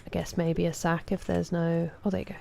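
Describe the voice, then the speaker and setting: A woman in her thirties streams a game and chats easily with her viewers, now and then muttering softly to herself. Her voice sits low with a gravelly fry. Its tone is dark and mellow. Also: flat delivery, a little fast, slight background noise. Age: 30s. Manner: chatty, reads and answers chat, mutters softly to herself. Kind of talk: casual live-stream chat while gaming.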